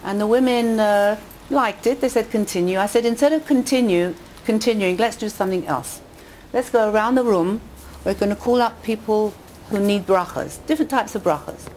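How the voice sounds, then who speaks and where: A woman tells jokes and stories in an inspirational talk, her voice climbing for quoted lines and punchlines. Her pitch sits in the middle of the range. Faint noise hums under the recording. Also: normal speed. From England. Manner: lively storyteller who rises in pitch on quotes and punchlines. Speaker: speaker addressing a women's audience. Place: community hall with a live audience.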